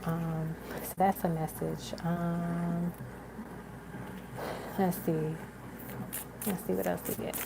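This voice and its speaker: Chatty woman with gravelly fry. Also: fairly low pitch, flat delivery, takes it slowly, long pauses, noisy background. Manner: casual, chatty, many fillers and laughs. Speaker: tarot reader. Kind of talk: live tarot reading stream.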